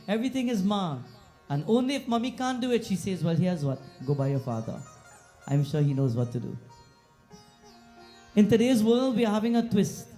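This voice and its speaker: A man's voice: high-pitched, mellow. A Trinidadian man preaching a sermon as a pundit in a temple, telling a story in short repeated phrases and acting out the quoted voices.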